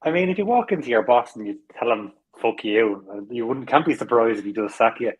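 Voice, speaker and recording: A man's voice: medium pitch, lively intonation, a little fast, breathy edge, low-quality recording. A man co-hosting a casual football podcast, explaining his view in a plain-spoken way. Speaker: podcast co-host.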